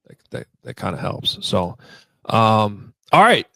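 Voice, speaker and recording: A man's voice: on the low side, big pitch swings, takes it slowly, gravelly, a bit bright, dry recording. A man co-hosting a sports podcast, chatty and loose, with lots of fillers. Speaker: podcast co-host. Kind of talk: casual podcast chat.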